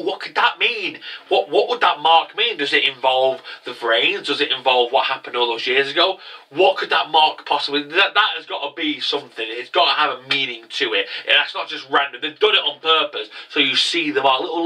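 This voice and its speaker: A man hosting a casual anime episode review, talking in an excitable, rambling way with lots of stammered restarts. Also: fairly high pitch, fairly quick, breathy edge, distant mic.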